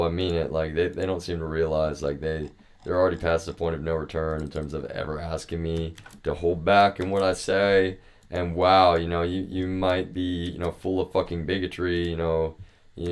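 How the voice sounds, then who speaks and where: A man livestreaming, ranting angrily and profanely at the people he blames, repeating himself as he goes. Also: sits low. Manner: profane, heated, repetitive. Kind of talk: angry ranting stream talk.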